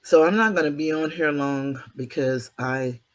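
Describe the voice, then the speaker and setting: A man's voice: a little high, normal speed. Male vlog host, motivational monologue; preachy, down-to-earth, self-mocking. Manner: preachy, earthy, self-deprecating, mild cursing. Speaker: channel host.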